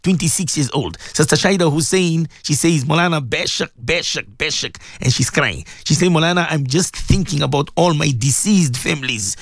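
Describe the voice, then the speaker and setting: A man's voice: on the high side, animated, moderate pace, vocal fry, few pauses, no room sound, studio quality. A man hosting a live religious radio show, preaching emotionally to his listeners and repeating his points for emphasis. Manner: emotional, repetitive preaching, addresses listeners directly. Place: radio studio.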